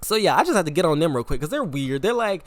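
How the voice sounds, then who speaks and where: A young man hosting a podcast, talking in a casual, animated, repetitive way with frequent laughter. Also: on the high side, fast talker, no echo. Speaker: podcast host. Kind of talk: casual opinion monologue.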